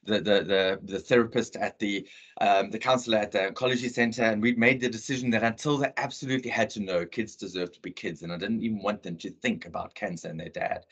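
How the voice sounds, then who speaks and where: A middle-aged South African man with an earnest, animated manner, telling a personal story in a talk over a video call. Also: on the low side, fast talker, husky, highs cut off. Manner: earnest, animated storyteller who acts out dialogue. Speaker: motivational speaker.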